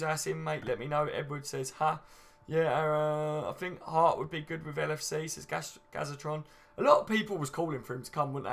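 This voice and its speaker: A man's voice: a little high, gravelly, a bit bright. A man hosting a casual live stream, chatting and reading out viewer comments with easy banter. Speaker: fan channel host.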